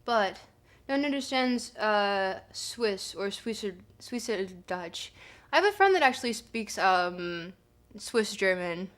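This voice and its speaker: Speaking slowly and animatedly in a medium-pitched voice, a woman chats with her stream viewers. The casual livestream talk is rambling and giggly, heavy with filler words.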